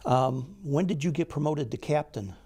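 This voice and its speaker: A man interviewing a veteran, gently prompting him with questions. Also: on the high side, lively intonation, normal speed, breathy edge. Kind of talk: oral history interview.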